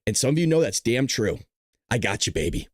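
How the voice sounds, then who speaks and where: Brisk and medium-pitched, with big swings in pitch, the host's voice comes through dry and clean in a studio. He runs a laid-back news commentary stream, cursing and cracking jokes, breaking into giggles, and sounding tired after staying up late.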